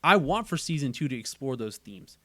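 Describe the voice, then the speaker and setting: A man hosting a casual chat on his channel sounds very animated and brisk, with a mid-range, fairly bright voice on a dry recording. He talks earnestly and keeps repeating phrases while working through his thoughts.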